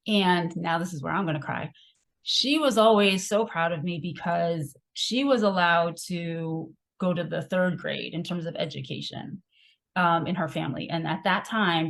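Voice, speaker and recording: A young adult woman, a podcast guest, telling a candid and emotional personal story with many fillers. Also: fairly low pitch.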